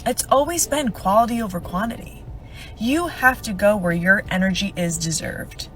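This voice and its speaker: A woman's voice: mid-range voice, animated, normal speed, fairly bright tone, soft background music. A woman giving a casual vlog monologue in assertive, self-assured declarations.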